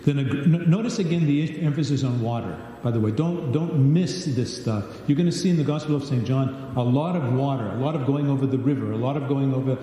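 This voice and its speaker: A man's voice: medium pitch, a little fast, few pauses, dark tone. A man leading a Bible study, reading scripture aloud and asking questions of the group. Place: large church hall. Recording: distant echoey church livestream.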